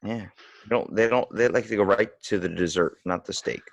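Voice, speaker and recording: Gravelly low-voiced man bantering. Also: brisk, no echo, dull audio. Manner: joking, irreverent banter. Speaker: podcast co-host. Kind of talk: casual chat.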